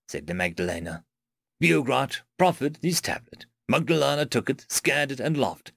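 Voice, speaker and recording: A man reading short science-fiction stories aloud in an expressive narration. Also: mid-range voice, moderate pace, gravelly, no echo, clean studio sound. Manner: expressive reading with shifting tones. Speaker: story reader. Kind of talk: scripted narration.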